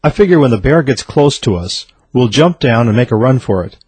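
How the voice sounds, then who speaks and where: A man's voice: medium pitch, expressive, fairly quick, a little mellow, husky, dry recording. A man voicing a scheming male biologist fleeing a grizzly bear, coolly self-serving, in a joke. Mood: smug.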